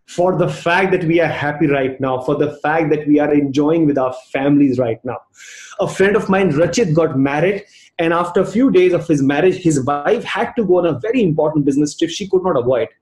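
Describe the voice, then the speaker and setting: Indian male trainer, motivational storyteller, higher pitch, roomy echo. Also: a little mellow. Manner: storytelling, acting out both sides of a dialogue. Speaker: leadership trainer. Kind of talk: motivational talk.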